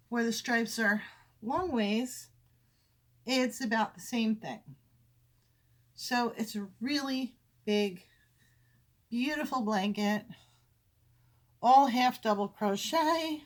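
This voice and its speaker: Speaking very slowly with long pauses in a fairly high voice, a woman shows off her crafts on her podcast from a home craft room with windows. She's chatty, wanders off topic, self-corrects, and briefly runs short of breath.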